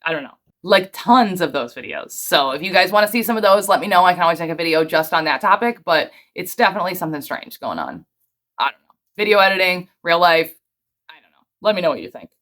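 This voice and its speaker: A woman in her thirties giving a casual, chatty reaction commentary, full of fillers and quick asides. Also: fairly low pitch. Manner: chatty, filler-heavy, excitable. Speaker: host reacting to cryptid videos.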